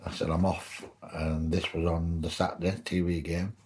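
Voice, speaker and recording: A man's voice: low voice, level tone, normal speed, a little mellow. An older man with a Wigan accent telling anecdotes as a podcast guest, laughing through his stories. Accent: Wigan, Lancashire. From England. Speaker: guest, former rugby league player. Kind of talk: casual storytelling in interview.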